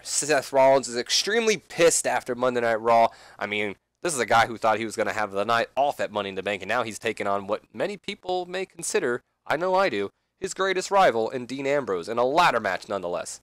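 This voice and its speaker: A man's voice: mid-range voice, lively intonation, a little fast, few pauses, fairly bright tone, no room sound. A man doing casual game commentary, rambling with fillers and side remarks. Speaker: let's play commentator.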